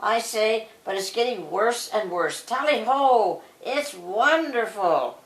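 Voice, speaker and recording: An older woman reading aloud, voicing a cheeky, foolish young man who shouts merrily. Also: fairly high pitch, lively intonation, slow pace. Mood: boisterous. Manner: shouting, boisterous. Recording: roomy echo.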